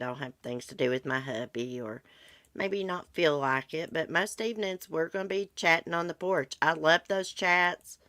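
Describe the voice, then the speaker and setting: Woman, deep voice, congested, blunt and chatty, dry close sound. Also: bright, forceful tone, no room sound. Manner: blunt, chatty, swears casually. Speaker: livestream host. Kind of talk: casual chat about true crime with live viewers.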